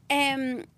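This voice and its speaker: A young woman co-hosting a podcast in casual chat, playful with quick quips. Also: sits high, fairly bright tone. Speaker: podcast co-host.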